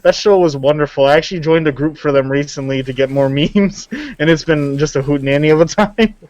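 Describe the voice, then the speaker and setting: A man's voice: fairly high pitch, a little fast, darkish tone, no echo, dull audio. Giggly male guest, dry close sound. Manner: easygoing, giggly. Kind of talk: casual chat.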